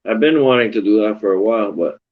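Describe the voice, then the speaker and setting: Casting: easygoing young-sounding guy, low, slangy, dull lo-fi mic. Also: fast talker, a little hiss or hum. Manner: laid-back, slangy. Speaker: stream chat participant. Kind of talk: casual chat.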